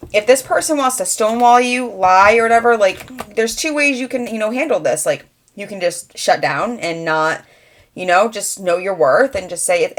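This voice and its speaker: A young adult woman giving a rambling, conversational channeled tarot reading, full of fillers. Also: mid-range voice. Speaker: tarot reader.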